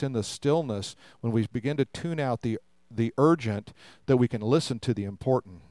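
A man's voice: medium pitch, normal speed, a little mellow, no echo. An older man preaching a sermon in a conversational way, with humorous asides and rhetorical questions to the congregation. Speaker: pastor.

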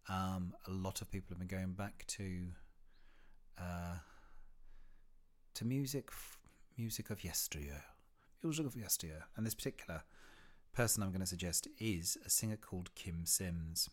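Podcast host, male, very low pitch, rambling and chatty delivery. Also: steady tone, a little slow, long pauses. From United Kingdom. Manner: rambling and chatty, with frequent fillers and restarts. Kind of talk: casual solo podcast recommendations.

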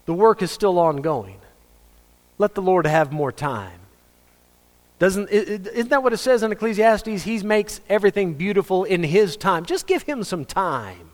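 A man's voice: on the high side, expressive, moderate pace. A man preaching a sermon as pastor, conversational and joking, acting out the voices he quotes. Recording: long reverb of a hall.

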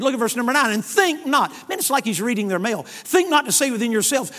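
A man's voice: extremely high pitch, quick pace, hardly any pauses. A middle-aged male evangelist from the United States telling a story in a sermon, acting out both sides of the conversation. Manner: animated storyteller acting out dialogue. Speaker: evangelist preacher.

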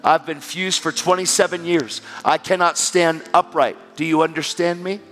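Man doing a stubborn older grandmother, blunt and defiant, a little high, long hall echo. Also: fairly even intonation, normal speed, a bit bright, close to an everyday voice. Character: bitter older woman in a scooter, stubborn. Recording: reverberant hall with music.

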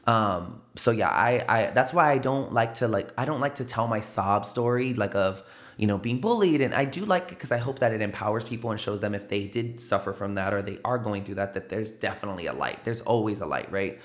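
A man's voice: on the low side, a little fast. A man in his thirties from San Antonio, a realtor telling candid stories as a podcast guest and acting out the dialogue. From San Antonio, Texas. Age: 30s. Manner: animated storyteller, acts out quoted dialogue, many fillers. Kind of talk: candid interview conversation. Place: podcast studio.

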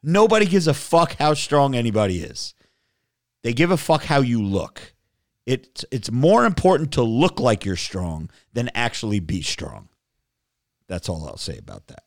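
A man's voice: mid-range voice, very animated, moderate pace, dry recording, studio quality. A man hosting a casual podcast, blunt and profane, reading viewer comments and giving opinions. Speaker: podcast host reading chat. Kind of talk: casual banter.

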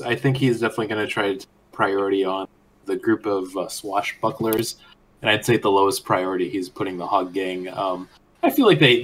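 A man's voice: lowish voice, slight background noise. A man playing a tabletop game, explaining his moves casually with fillers. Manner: relaxed, hesitant with fillers. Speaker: player. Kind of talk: casual play talk.

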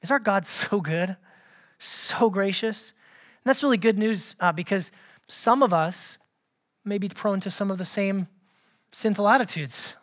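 A woman's voice: fairly low pitch, measured pace, fairly bright tone. Sarcastic woman preacher reading dramatically. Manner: dramatic voicing of quoted lines, sarcastic asides. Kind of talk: sermon with scripture reading.

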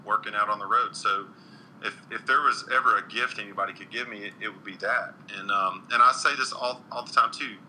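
A man's voice: fairly low pitch, pushed and bright, a little hiss or hum, poor audio. A man, a country singer, chatting earnestly in an interview with frequent restarts and ums. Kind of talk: casual interview chat.

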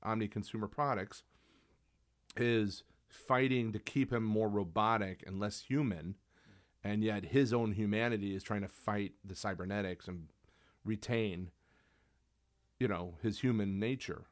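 A man's voice: on the low side, measured pace. A man co-hosting a podcast, chatting casually and enthusiastically with lots of restarts. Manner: rambling, enthusiastic, frequent restarts. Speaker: podcast co-host. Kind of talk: casual chat.

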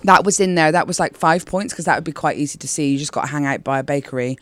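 A woman from Bristol with a Bristolian accent, chatting in an interview as a comedian guest in a rambling way full of quick asides. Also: low-pitched, a bit bright. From Bristol, England. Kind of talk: casual interview chat.

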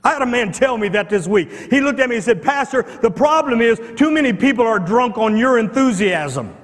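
Man preaching, very high voice, fervent, rhetorical questions, shouting bursts, long church reverb. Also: lively intonation, a little fast. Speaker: pastor. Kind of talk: sermon.

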